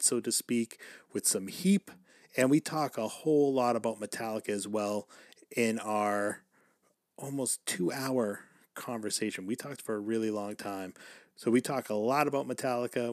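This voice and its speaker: A man's voice: medium pitch, normal speed, no echo, clean studio sound. A man hosting his own podcast and then chatting as a guest on another, upbeat and laughing easily. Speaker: podcast host. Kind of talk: casual podcast chat.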